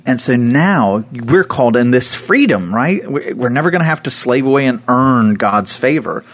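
A man's voice: mid-range voice, normal speed. A man co-hosting a Christian podcast, talking earnestly about scripture and laughing now and then. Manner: earnest, laughs often, animated quotes. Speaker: podcast co-host. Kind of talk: casual devotional podcast talk.

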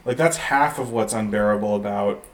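A man in his thirties from Detroit, a podcast guest chatting casually with many halting restarts. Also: on the low side, distant mic. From Detroit, USA. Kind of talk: casual chat. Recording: off-mic with faint background noise.

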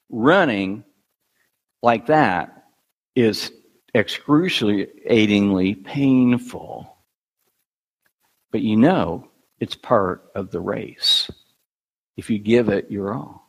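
A middle-aged man preaching a sermon as a pastor, telling a self-deprecating running story in an animated, storytelling way. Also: on the low side, extremely slow, long pauses, slightly rough. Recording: long hall reverb.

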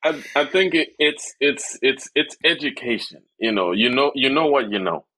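A man as a podcast guest in a casual chat, speaking in relaxed, brief replies. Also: mid-range voice, normal speed.

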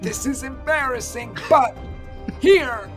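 A man putting on a fed-up circus hand, pitched well above his own voice. He swears freely and sounds exasperated. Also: slow, faint music behind. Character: crude, blunt male circus worker.

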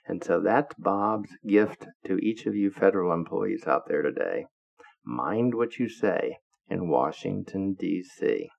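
Gravelly low-voiced man telling a story. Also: unhurried, a little mellow. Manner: blunt, profane, laughs while telling. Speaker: podcaster. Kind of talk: anecdotal monologue. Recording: dull lo-fi audio.

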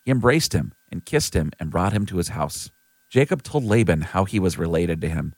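Brief: steady male scripture reader, expressive low voice, dry studio sound. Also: moderate pace, dry recording. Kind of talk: scripted Bible reading.

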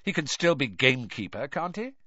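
A man playing a cool, dismissive schoolgirl with a hard edge, pitched high above his own voice. The recording is dry and a little muffled. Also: big pitch swings, brisk, bright, forceful tone, slightly rough, no room sound, full character voice.

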